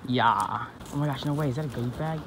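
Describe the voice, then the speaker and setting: A man's voice: mid-range voice, fast talker, fairly bright tone. A teenage boy vlogging a prank, talking in a joking, slangy, trolling way. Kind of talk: prank vlog. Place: outdoors on a residential street. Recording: outdoor street noise.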